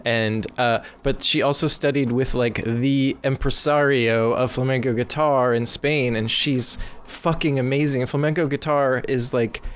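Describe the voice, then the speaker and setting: A man's voice: mid-range voice, fairly even intonation, moderate pace, hardly any pauses, slight background noise. A man on a casual podcast, telling a story with enthusiasm and swearing for emphasis. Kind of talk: casual chat.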